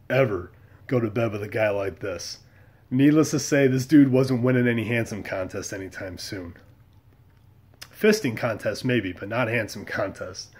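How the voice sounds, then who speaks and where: A man's voice: medium pitch, darkish tone. A middle-aged man from the United States telling a story to camera in a blunt, wry way, with mild cursing. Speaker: vlogger. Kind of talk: casual storytelling monologue.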